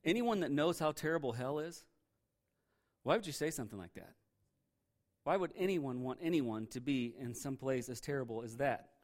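A man's voice: mid-range voice, animated, normal speed. A man preaching a candid, conversational sermon, often repeating words as he presses a point. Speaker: pastor.

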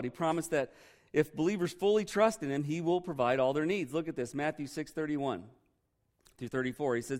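Male pastor, slightly higher voice, conversational sermon style that quizzes the room. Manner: conversational preaching, quizzes the congregation.

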